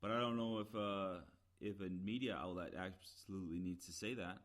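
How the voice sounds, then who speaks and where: A man's voice: sits low, normal speed, fairly bright tone. A man giving a rambling, opinionated solo commentary, with many "uh" fillers and emphatic, exasperated repetition. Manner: rambling, frequent "uh" fillers and restarts. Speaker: podcast commentator.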